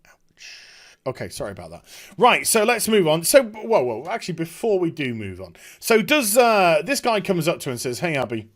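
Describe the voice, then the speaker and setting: A man's voice: high voice, sing-song, fairly quick. A middle-aged man giving casual, sarcastic commentary on a trailer, with chuckling asides. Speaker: YouTube commentator.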